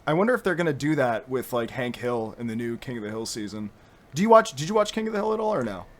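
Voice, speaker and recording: A man hosting a podcast in casual chat, animated and giggly, rambling between thoughts. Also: mid-range voice, fast talker. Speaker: podcast host.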